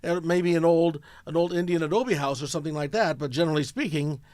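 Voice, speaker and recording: Man, high-pitched voice, chatty anecdotal host, dry sound. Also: fast talker, darkish tone, dry recording. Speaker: interview host. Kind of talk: casual interview chat.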